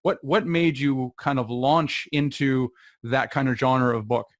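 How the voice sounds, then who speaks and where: A man's voice: medium pitch, steady tone, measured pace, no echo. A man hosts an interview podcast and asks long, meandering questions, often starting over partway through. His voice sits in the middle range, and the recording is close and dry with no room sound. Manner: hesitant, many fillers and restarts. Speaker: podcast host.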